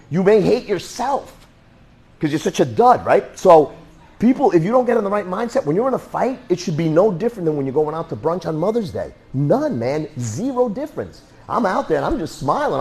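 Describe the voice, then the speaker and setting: A man teaching a self-defense class in a blunt, joking, animated way. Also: sits high, brisk, husky. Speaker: martial arts instructor.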